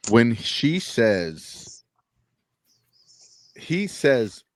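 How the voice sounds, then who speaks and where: A man's voice: mid-range voice, very animated, very slow, dry recording. A man co-hosting a podcast, chatting casually about a TV episode and animatedly acting out the scene's dialogue. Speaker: podcast co-host. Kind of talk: casual TV review chat.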